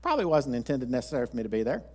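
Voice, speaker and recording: A man's voice: mid-range voice, big pitch swings, rapid-fire, darkish tone. A man pastor, preaching a sermon in a folksy, rambling storytelling way with frequent restarts.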